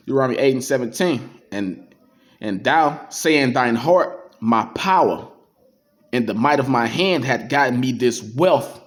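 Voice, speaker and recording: A man giving casual, emphatic religious commentary, slowing down to read verses aloud in a street-casual way. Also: mid-range voice. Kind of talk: casual preaching commentary reading scripture.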